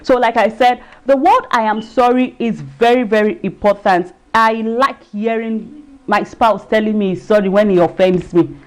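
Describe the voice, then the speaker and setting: A woman's voice: medium pitch, moderate pace, darkish tone. A woman giving a talk on marriage in a live video stream, earnest, repeating herself and searching for words. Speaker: marriage enrichment speaker. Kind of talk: livestream talk.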